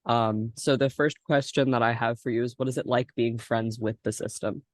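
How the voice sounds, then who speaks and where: A man's voice: mid-range voice, fairly even intonation, normal speed, no room sound. A young man hosting a casual podcast chat, giggly and rambling with lots of fillers. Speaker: podcast host.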